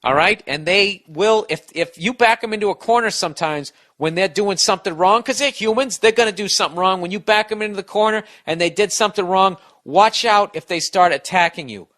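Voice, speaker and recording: A man's voice: high-pitched, brisk, hardly any pauses, bright, forceful tone. A man hosting a podcast, giving blunt, profane advice in a rambling, casual rant.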